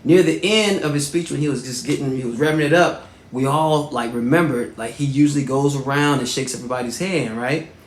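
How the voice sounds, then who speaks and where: Animated man telling stories, echoey room. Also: mid-range voice, brisk, slight background noise. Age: 30s. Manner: animated, shout-outs and filler words. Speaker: host. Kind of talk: casual personal storytelling.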